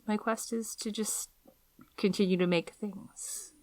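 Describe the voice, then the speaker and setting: A woman's voice: mid-range voice, fairly even intonation, measured pace, darkish tone, dry recording. A woman artist from the United States talking in a casual interview, musing and hesitant, trailing off as she thinks. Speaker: guest artist.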